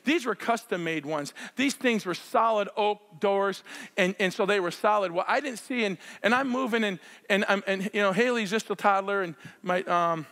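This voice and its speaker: A middle-aged man preaches in a church, his voice pitched very high and bright. He tells personal stories excitedly, breaking into shouts and laughter. A long reverb from the hall trails his words. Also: moderate pace. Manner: excitable storyteller, shouts and laughs while acting out scenes. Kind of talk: sermon with personal healing stories. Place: church sanctuary.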